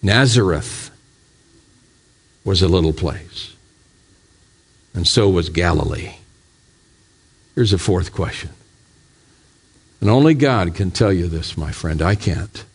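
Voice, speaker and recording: A man's voice: sits low, breathy edge. A man, a pastor, preaching a sermon in a church, putting question after question to his congregation and building to fervent, raised appeals. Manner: asks the congregation repeated rhetorical questions.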